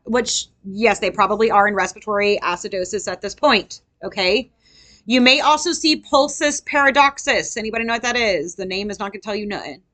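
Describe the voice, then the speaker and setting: Animated bright-voiced woman tutoring nurses. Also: medium pitch, fairly quick. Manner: animated, quizzing students, acts out patients. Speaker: nursing tutor. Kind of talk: casual classroom review lesson.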